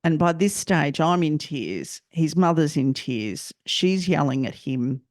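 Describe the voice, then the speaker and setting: An Australian woman hosting a personal storytelling podcast, speaking reflectively and haltingly and often repeating herself. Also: sits low, animated, darkish tone, dry recording, studio quality. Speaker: podcast host.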